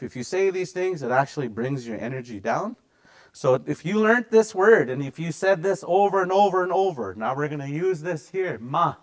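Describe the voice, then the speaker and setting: Man teaching words with slow repetition. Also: fairly high pitch, animated. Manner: repeats words slowly for practice, chatty asides. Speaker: language teacher. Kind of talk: casual language lesson.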